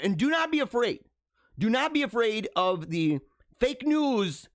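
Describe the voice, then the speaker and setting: A man's voice: sits high, a bit bright, no room sound, clean studio sound. A man hosting a livestream, talking in a casual, mocking, theatrical way and laughing at his own jokes. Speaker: livestream host. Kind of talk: casual live commentary.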